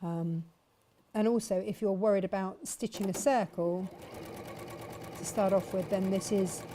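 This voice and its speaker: A woman's voice: medium pitch, fairly even intonation, a little slow, warm tone, slight background noise. A woman chatting casually as she demonstrates sewing and answers viewers' questions. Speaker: sewing teacher and shop host.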